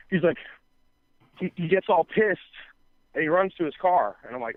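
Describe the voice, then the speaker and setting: A man's voice: on the high side, expressive, moderate pace, pauses often, dry recording. Rambling man telling a story, tinny sound. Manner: rambling, filler-heavy, profane, acts out quoted dialogue. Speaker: podcast co-host. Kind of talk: casual storytelling chat. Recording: dry, tinny phone-like sound.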